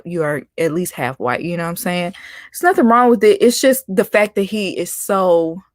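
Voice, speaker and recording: A woman hosting her own chat vlog, ranting casually in an animated, sassy way with lots of laughter. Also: on the low side, no echo, studio quality. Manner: animated and sassy, laughing, calling out with "honey" and "baby". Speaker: vlogger host. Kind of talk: casual opinion rant.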